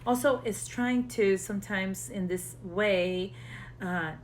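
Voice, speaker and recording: A woman therapist talks through her lesson in an easy, conversational way. She often restarts words and laughs along the way. A faint low rumble sits under her voice. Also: takes it slowly. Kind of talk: casual explanatory teaching.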